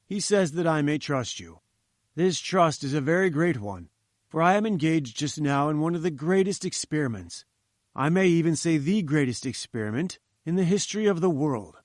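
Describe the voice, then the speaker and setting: A man's voice: a little high, animated, normal speed, no echo, clean studio sound, lightly acted. A man reading a pompous lecturing professor. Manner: lofty, lecturing, patronizing. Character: pompous condescending male professor. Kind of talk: audiobook character voice.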